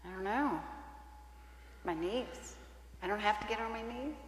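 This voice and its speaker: A woman's voice: mid-range voice, measured pace, slight background noise, close to an everyday voice. A woman acting in a church skit as an exasperated married woman who would rather smash things than pray, speaking hesitantly with dry humor. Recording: echoey hall with faint ambience.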